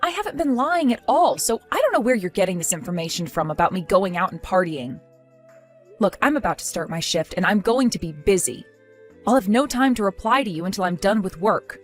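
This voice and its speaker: A woman's voice: medium pitch, big pitch swings, brisk, faint music behind, close to an everyday voice. A woman voicing a defensive, exasperated young wife in a text-story drama, pleading and indignant.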